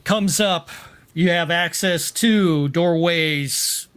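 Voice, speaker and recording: A man with a notably high voice narrates as game master of a tabletop game. He takes his time and restarts his sentences, slipping in short acted cries for the enemies. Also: extremely slow, fairly bright tone, clear, resonant tone.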